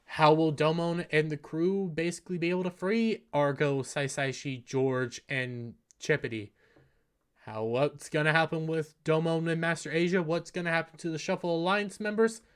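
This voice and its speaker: Earnest man with a smooth, resonant voice. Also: fairly high pitch, moderate pace. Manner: earnest, restarts and repeats phrases. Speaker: anime review host. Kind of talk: casual episode recap.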